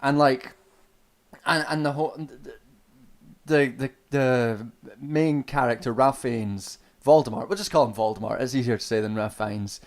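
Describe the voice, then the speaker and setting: A man's voice: mid-range voice, normal speed. A young Scottish man streaming, ranting casually and sardonically about a film, swearing often and restarting his sentences. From Scotland. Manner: profane, sardonic, rambling with restarts.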